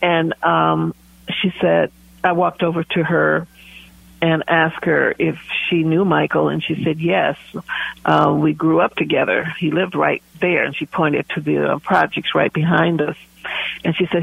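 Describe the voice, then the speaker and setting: A woman's voice: low voice, flat delivery, unhurried, creaky, breathy edge, dry recording, narrow, tinny audio. A woman guest telling a heartfelt story in an interview, laughing often as she talks. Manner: warm testimony with frequent laughs. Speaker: guest, community pie baker.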